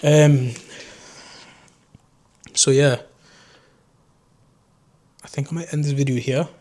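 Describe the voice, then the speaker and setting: A young man with a Geordie accent that slides toward southern English. He talks at an ordinary middle pitch in a loose, rambling, self-mocking way, chatting to his viewers indoors. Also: fairly even intonation, slow, a little mellow. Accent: Geordie mixed with southern English. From North East England. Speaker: drone vlogger. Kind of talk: casual unscripted chat to camera.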